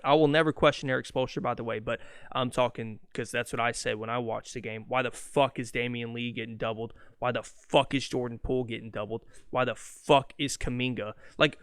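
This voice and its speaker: A man hosting a solo sports podcast, ranting in an excitable, fast and profane way. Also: mid-range voice, clean tone, no echo, clean studio sound. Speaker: podcast host.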